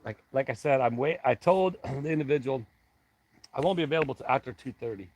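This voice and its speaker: A middle-aged man hosting a casual live stream, rambling and halting as he reads viewer comments aloud and chats back. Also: medium pitch, a little mellow, a little hiss or hum, poor audio.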